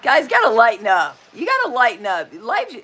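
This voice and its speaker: A woman's voice: a little high, huge pitch swings, moderate pace, pushed and bright, breathy edge. A woman in her sixties hosting a casual livestream chat, chatty and folksy, telling corny jokes with an upbeat manner. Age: 60s. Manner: chatty and folksy, often saying "just saying". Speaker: livestream host.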